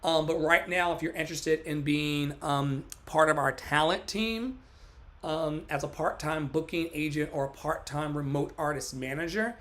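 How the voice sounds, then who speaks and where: A man's voice: a little high, moderate pace, a bit bright. A man hosting a motivational livestream, reciting a poem dramatically and joking with viewers between readings. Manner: dramatic, emphatic poetry recitation mixed with joking asides. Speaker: life coach and livestream host.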